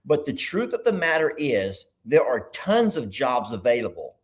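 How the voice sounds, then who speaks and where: A man's voice: mid-range voice, moderate pace. A man hosting a live video chat, chatty and full of questions for callers. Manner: chatty, animated, asks many questions. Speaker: live stream host.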